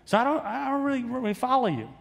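A man's voice: very high-pitched, expressive, fast talker, gravelly, voice pushed up, full character voice. A man voicing bewildered male disciples who protest to their teacher in disbelief during a sermon. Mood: incredulous. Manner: incredulous, protesting. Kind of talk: sermon storytelling.

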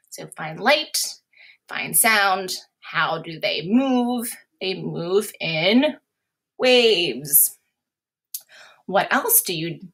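Slow, gravelly woman teaching a lesson. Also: mid-range voice, a bit bright. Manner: patient, repeats key words, whispers examples. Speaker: special education teacher. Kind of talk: slow read-aloud science lesson. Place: classroom or home, recorded for remote lesson.

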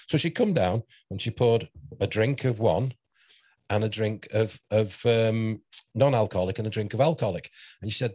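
An older man with a low, deep voice, hosting a casual interview. He wanders from one anecdote to the next and often breaks into laughter. The recording is dry and close, with no room sound. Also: animated, a little fast, a little mellow, breathy edge, no echo. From St Helens, near Liverpool, England. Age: around 60. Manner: rambling anecdotal storyteller who laughs often. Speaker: host.

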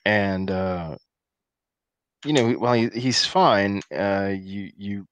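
A man narrating as game master for a tabletop role-playing session, talking in halting bursts with many restarts. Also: fairly low pitch. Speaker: dungeon master.

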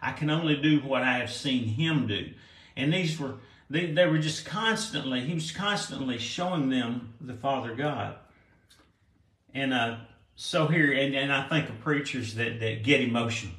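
A man delivers a conversational sermon, reading scripture aloud and then explaining it in his own words. He talks with restarts and soft chuckles. His voice sits at a middle pitch, and the room around him has a noticeable echo. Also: moderate pace. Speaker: pastor. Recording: roomy echo.

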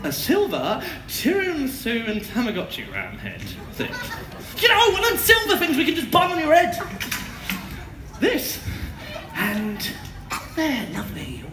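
A woman's voice: high voice, huge pitch swings, measured pace, distant mic, heavily acted. A woman playing a goofy, lovestruck boy clown. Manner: clowning, over-the-top and chatty. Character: goofy, lovestruck young male servant clown. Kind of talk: live pantomime comedy. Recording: echoey hall from afar, music. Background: music.

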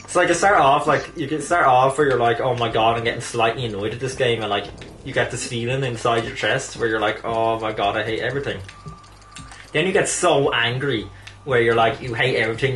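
An exasperated man who swears constantly while commenting on his gameplay, his voice jumping into squeals of frustration. His tone is bright and forceful. The recording sounds roomy, with faint music underneath. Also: medium pitch. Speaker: let's play gamer.

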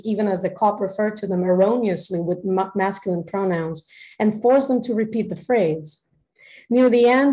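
A woman's voice: medium pitch, mellow, poor audio. A woman from Peru, reading a prepared academic lecture carefully over a video call. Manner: measured, careful delivery of written text. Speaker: academic presenter.

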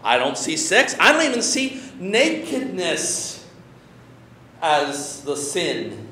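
A man preaching as a pastor, conversational and animated, swinging from loud emphasis to quiet asides. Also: sits high, takes it slowly, reverberant, a little hiss or hum. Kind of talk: sermon.

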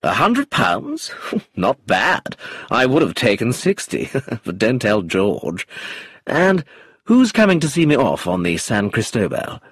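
A man's voice: medium pitch, wildly swooping pitch, takes it slowly, husky, no room sound, studio quality, heavily acted. A man playing a charming, amused rogue who is cold underneath, drawling and chuckling as he talks in a storybook reading.

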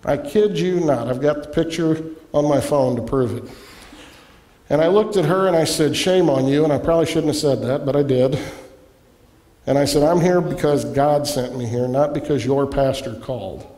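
A man preaching as a guest in a church, telling a personal story with animated delivery and acted-out voices. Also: on the high side, normal speed. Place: church sanctuary. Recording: echoey church hall.

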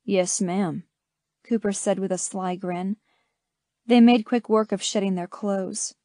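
A woman narrating a first-person romance audiobook in an intimate, measured reading. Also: medium pitch, steady tone, warm tone, no echo, studio quality.

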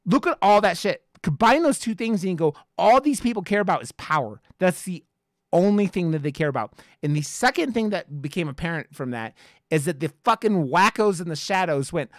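A man's voice: a little high, big pitch swings, normal speed, dry recording. A man streaming a video game, angrily ranting to his chat, swearing heavily and restarting his sentences. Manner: heavy swearing, restarts mid-sentence, addresses chat viewers. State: angry. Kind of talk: heated live-stream rant.

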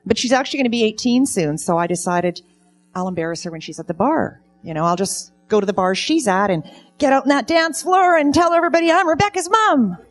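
A woman's voice: medium pitch, lively intonation, brisk, soft background music. A middle-aged woman telling stand-up comedy stories on stage, in a dry storytelling way. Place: event stage.

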